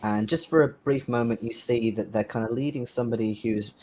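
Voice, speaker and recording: A man's voice: mid-range voice, brisk, darkish tone, a little hiss or hum. A man narrating as game master of a tabletop horror game, hesitant and full of ums.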